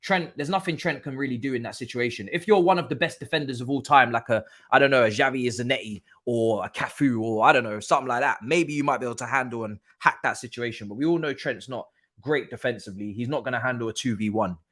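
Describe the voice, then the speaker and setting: A man hosting a live football watchalong stream, chatting through the match as a fan and bursting into shouts at big moments. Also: mid-range voice, fast talker. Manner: excitable, erupts into shouts and laughs at goals. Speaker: watchalong host.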